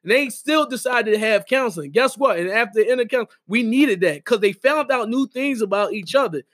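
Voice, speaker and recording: A middle-aged man with a high voice talks in casual podcast chat. He hammers his points with emphatic, preacher-like repetition. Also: animated, a little fast, a bit bright. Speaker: podcast co-host and wedding officiant.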